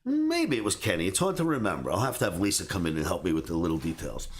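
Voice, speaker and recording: A man's voice: low-pitched, fast talker. A middle-aged man, casually telling a story to a live stream and acting out the voices of people in it. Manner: animated, acts out voices of people in his stories. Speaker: trading educator telling stories.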